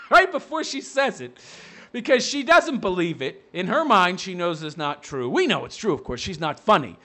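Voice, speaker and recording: A man's voice: high-pitched, very animated, fairly quick, pushed and bright. A man giving a profane, sarcastic rant as a commentary vlogger, mocking the person he is reacting to.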